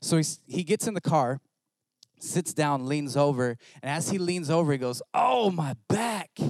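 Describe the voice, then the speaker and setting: A male pastor preaching a sermon, telling a story in an animated, self-mocking way. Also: on the high side, normal speed, no room sound.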